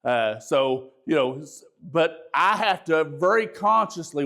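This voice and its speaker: Middle-aged male bishop leading a class, naturally loud and emphatic, pitched high for a man. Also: a little slow, few pauses. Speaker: bishop teaching a ministry training session. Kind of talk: spoken teaching lecture.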